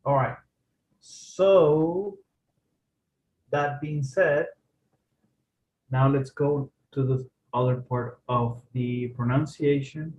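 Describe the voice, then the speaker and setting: A man's voice: medium pitch, steady tone, very slow, long pauses, a little mellow, reverberant, rough recording. A man tutoring a student in a casual session, encouraging him and checking often that he is ready. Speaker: English tutor.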